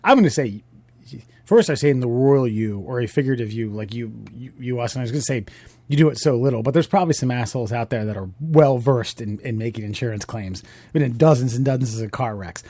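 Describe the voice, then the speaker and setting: A man's voice: medium pitch, fast, mellow, dry recording. A man in casual podcast chat, joking and rambling, restarting his sentences often.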